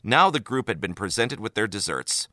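A man narrating a story aloud in an expressive, animated way. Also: on the low side, moderate pace, dry recording, clean studio sound. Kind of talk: audiobook narration of fan fiction.

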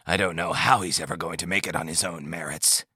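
In a full character voice, a male narrator plays a storybook's gentle, understated old village leader, who speaks deep and crisp with easy calm, a little fast. It is a pleasant, quiet, dry recording with a close, dead sound.

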